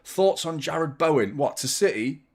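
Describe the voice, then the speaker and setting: A young man hosting a football watchalong stream, chatting casually, rambling and joking while reading out viewer shout-outs. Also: on the high side, animated, a little slow, husky. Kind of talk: casual live-stream chat.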